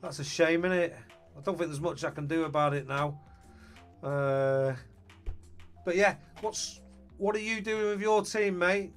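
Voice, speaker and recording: A man's voice: a little high, unhurried, pauses often, soft background music. A man chatting casually on a live stream, greeting viewers and thinking aloud about his team.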